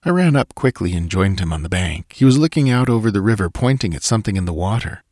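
Low-voiced man reading a story, dry sound. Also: expressive, a little mellow, dry recording. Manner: measured, deliberate reading. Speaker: audiobook narrator. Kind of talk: scripted story narration.

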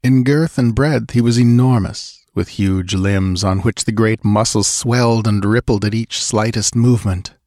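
A man narrating an adventure audiobook with measured, dramatic pacing. His voice is low and steady. The sound is dry and close, with no room echo. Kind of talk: scripted narration.

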